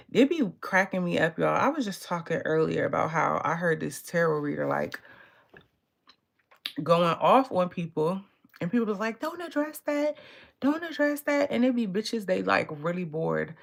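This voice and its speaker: Low, gravelly-voiced woman tarot reader. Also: moderate pace. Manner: blunt, profane, laughs often. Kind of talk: casual live tarot reading.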